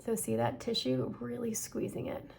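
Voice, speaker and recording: A middle-aged woman, an esthetician, calmly walking viewers through a skincare demonstration and checking in often. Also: fairly high pitch, moderate pace, gravelly, a little hiss or hum. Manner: calm instructive, checks in with "okay?".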